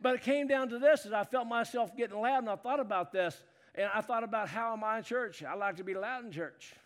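High-voiced folksy preacher. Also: male voice, fairly quick. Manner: folksy, swings from low talk to loud shouting. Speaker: pastor. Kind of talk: sermon.

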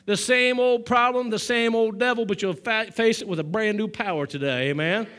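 High-voiced pastor preaching call-and-response. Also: male voice, normal speed, smooth. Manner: preacherly call-and-response, swinging from hushed storytelling to loud exhortation. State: out of breath. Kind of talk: sermon.

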